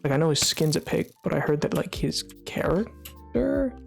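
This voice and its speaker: A livestreamer chatting casually with a live audience while gaming, rambling with lots of fillers and restarts in a relaxed, drowsy way. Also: medium pitch, moderate pace, vocal fry, faint music behind.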